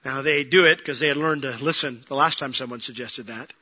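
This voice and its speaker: A man preaching a sermon, telling a story with lively acted-out lines, swinging from loud and fast to quiet and low. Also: muffled recording. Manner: animated storytelling, acting out quoted lines, rising to near-shouting then dropping low. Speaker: pastor.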